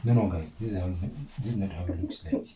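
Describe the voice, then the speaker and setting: Over a loud crowd and a low-quality recording, a fast-talking man with a low voice delivers a maths lesson. He's informal with his audience, says "guys" a lot, and repeats key points.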